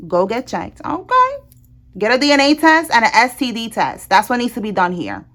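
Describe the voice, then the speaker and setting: A woman's voice: a little high, big pitch swings, fairly quick, fairly bright tone. Blunt, chatty woman reading tarot. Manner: blunt and chatty, with cursing and laughs. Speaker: tarot reader.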